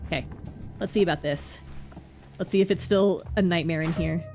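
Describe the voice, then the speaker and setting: A woman streamer giving casual, excitable commentary as she plays a game, thinking aloud in a chatty way. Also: lowish voice, moderate pace, over music.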